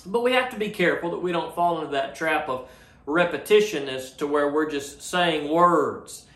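A man's voice: a little high, normal speed, fairly bright tone, reverberant. A man preaching a sermon as a pastor, earnest and plain-spoken, often repeating words as he restarts a thought.

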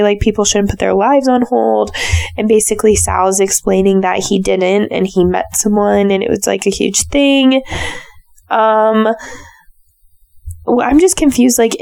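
A woman with a raspy, hoarse voice from a sore throat, giving a chatty, opinionated solo recap of a reality show. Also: medium pitch, a little mellow, no echo. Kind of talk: casual solo recap commentary.

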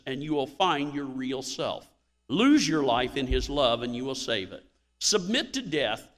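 A man's voice: on the high side, a bit bright, big-room sound. A male pastor preaching a sermon in a church, telling stories with emphatic swells of emphasis.

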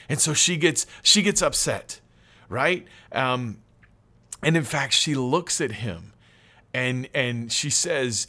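Animated man retelling a Bible story. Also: fairly high pitch. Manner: conversational, animated, calls listeners "gang". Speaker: pastor.

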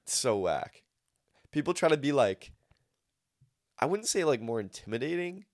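A man's voice: mid-range voice, big pitch swings, moderate pace, dry recording, studio quality. A young man co-hosting a podcast in casual chat, laid-back and full of slang and swearing. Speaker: podcast co-host.

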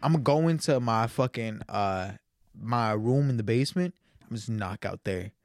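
A man's voice: medium pitch, moderate pace, darkish tone, dry recording, studio quality. A young man telling a laid-back, slangy story about a night out in casual chat with friends.

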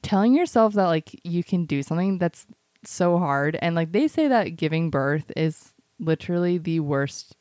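A woman's voice: fairly low pitch, expressive, moderate pace, darkish tone, no echo, studio quality. A woman co-hosting a casual podcast chat, rambling through a personal story with a constant "like". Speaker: podcast co-host.

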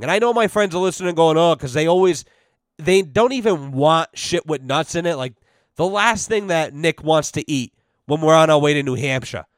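A man's voice: fairly high pitch, no room sound. Profane rambling young man, dry close sound. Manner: profane, rambling, sarcastic, lots of "you know". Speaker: podcast host. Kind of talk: casual comedic rant.

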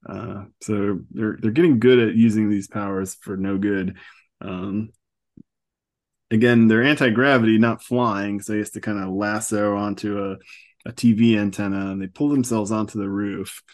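A man's voice: fairly low pitch, steady tone, moderate pace. A man hosting a podcast, casually recapping a comic book with fillers and chuckles. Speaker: podcast host.

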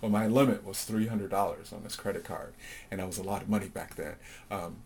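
A man's voice: sits low, fairly quick, darkish tone, a little hiss or hum. A middle-aged man telling his life story in an interview, reflective and full of fillers, acting out the voices of people he quotes. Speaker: interview guest.

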